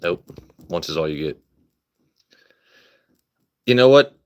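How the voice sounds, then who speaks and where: A man's voice: sits low, lively intonation, slow, a little hiss or hum. A young man hosting a casual phone live stream, joking, swearing and talking back to his viewers' comments. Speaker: livestream host. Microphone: phone camera.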